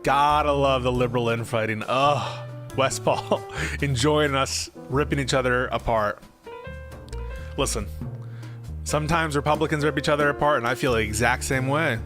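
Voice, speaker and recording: A man's voice: mid-range voice, normal speed, a bit bright, faint music behind. A young man streaming casual political commentary. He thinks aloud, answers his chat, and grows emphatic when he argues.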